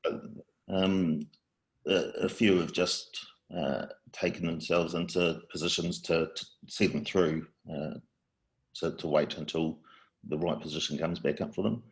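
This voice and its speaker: Very deep-voiced, hesitant male guest. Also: steady tone, measured pace. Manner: hesitant, lots of ums and restarts. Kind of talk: casual conversational interview.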